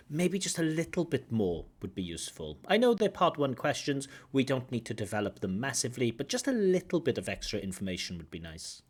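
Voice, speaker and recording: A man's voice: mid-range voice, very animated, fast, hardly any pauses, darkish tone. A man who works as a language examiner, breaking down a recorded speaking test and commenting point by point. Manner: explanatory, stops to comment. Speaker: IELTS examiner and teacher. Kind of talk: spoken exam feedback.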